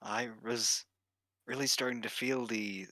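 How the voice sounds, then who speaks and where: A man voicing a hesitant young man who speaks softly and haltingly to his father. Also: medium pitch, fairly even intonation, no echo. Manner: hesitant, soft-spoken.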